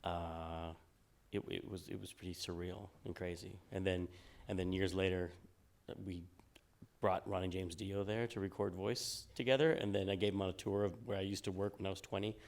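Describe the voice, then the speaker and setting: Deep-voiced relaxed man. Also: moderate pace. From United States. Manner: relaxed, rambling, many fillers and restarts. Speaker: game designer guest. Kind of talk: casual interview on stage.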